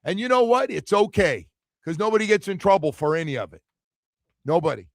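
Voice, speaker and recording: A man's voice: high-pitched, fairly quick, no room sound, clean studio sound. A man hosting a sports radio show, talking casually and animatedly, acting out quotes as he tells stories. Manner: animated storytelling, acts out quotes.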